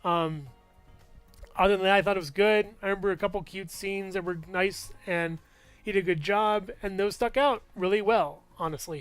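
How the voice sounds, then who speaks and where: A man's voice: sits high, fairly bright tone, clean tone. A man casually reviewing movies in a vlog, rambling, full of fillers and restarts, chuckling often.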